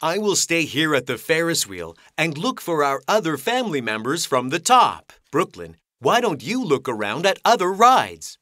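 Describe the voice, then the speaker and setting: A man's voice: fairly high pitch, very animated, moderate pace, hardly any pauses, sharp tone, dry recording, studio quality. A man voicing a caring, reassuring father shark in a cartoon.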